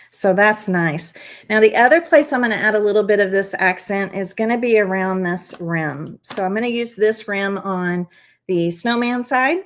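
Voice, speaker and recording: A woman hosting a live craft stream, chatting as she demonstrates each step. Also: medium pitch. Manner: chatty, encouraging, talks viewers through each step. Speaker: craft channel host.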